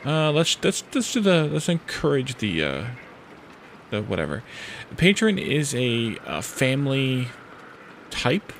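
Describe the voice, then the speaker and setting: Gravelly man thinking aloud over a game. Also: medium pitch, huge pitch swings, slight background noise. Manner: thinks aloud, reads game event text; hesitant, with pauses and restarts. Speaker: streamer. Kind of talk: casual let's-play commentary.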